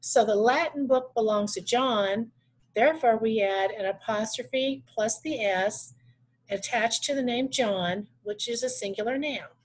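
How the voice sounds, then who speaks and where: A woman teaching punctuation rules from slides, reading out examples slowly and correcting herself now and then. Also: fairly high pitch. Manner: reads examples slowly, with small restarts. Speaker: adult education teacher. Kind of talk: slide-based grammar lesson.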